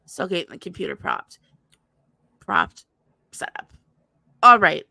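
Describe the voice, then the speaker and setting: A woman's voice: on the low side, wildly swooping pitch, takes it slowly, vocal fry, sharp tone, no room sound, clean studio sound. A woman co-hosting a casual livestream chat, rambling and chatty, often apologizing and laughing. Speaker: livestream co-host.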